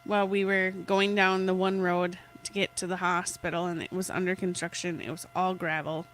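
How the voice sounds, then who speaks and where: A woman hosting a livestream, chatting casually and telling stories in an animated way. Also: fairly low pitch, moderate pace, a little hiss or hum, rough recording. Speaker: livestream host. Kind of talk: casual chat and storytelling.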